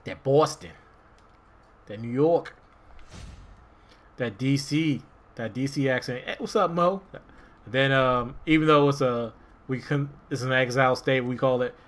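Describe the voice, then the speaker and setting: Male streamer from Maryland, relaxed rambling play-by-play. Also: medium pitch, measured pace, pauses often. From Maryland, USA. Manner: rambling, relaxed, talks to himself while playing. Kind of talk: casual gameplay commentary.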